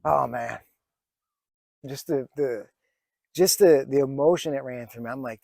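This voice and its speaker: A man's voice: mid-range voice, a little slow, gravelly, pauses often, darkish tone, dry recording, clean studio sound. Earnest man in his forties, reflective. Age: 40s. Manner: earnest, reflective, with many fillers and restarts. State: emotional, near tears at times. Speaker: vlogger. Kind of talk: personal vlog storytelling.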